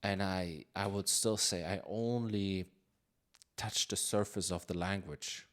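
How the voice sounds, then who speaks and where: A man's voice: low voice, steady tone, slow pace. A man live-coding on a stream, chatting casually and thinking aloud with many fillers and restarts. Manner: reads chat questions aloud.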